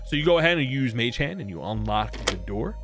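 A man's voice: mid-range voice, very animated, fairly quick, music in the background. A man narrating a tabletop role-playing game as game master, playfully voicing the people the players meet. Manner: playful, voices many characters.

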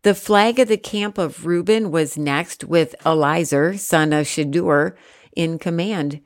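A woman reading scripture aloud in a steady, measured way with careful pauses. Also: lowish voice, no echo, studio quality. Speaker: scripture reader.

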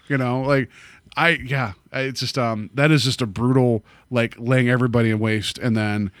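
A man chatting casually about a movie, animated and rambling, full of fillers and restarts. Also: medium pitch, brisk, no room sound, clean studio sound.

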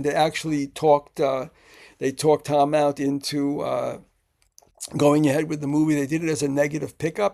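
A man, a screenwriter guest in an interview, spins his anecdotes in a halting, filler-laden way. His voice sits a little high and has a gravelly fry, and he bursts into acted-out quotes along the way. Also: warm tone.

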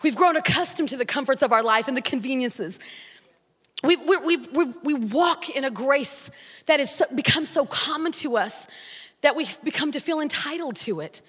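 A middle-aged woman pastor, preaching a sermon with animated storytelling that rises to shouts, in a large church hall. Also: sits high, normal speed. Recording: long hall reverb.

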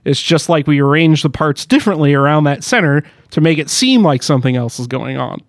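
A man with a fairly high voice co-hosts a casual podcast chat, cracking jokes and laughing often as he reads quotes aloud. His voice sits close and dry on the mic. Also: a little fast, dry recording. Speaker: podcast co-host.

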